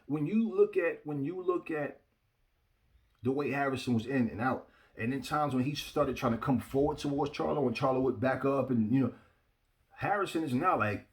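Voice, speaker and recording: A man's voice: medium pitch, normal speed. Man, casual fight commentator, mid-range voice, blunt and emphatic, talks right at his audience. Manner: blunt, emphatic, repeats himself, addresses viewers directly. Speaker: boxing commentator. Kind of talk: casual opinion talk to viewers.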